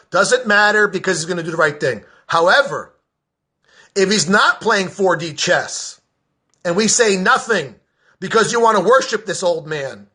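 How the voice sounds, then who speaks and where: A man podcaster giving a heated, profane political rant straight to camera, openly shouting. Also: high voice.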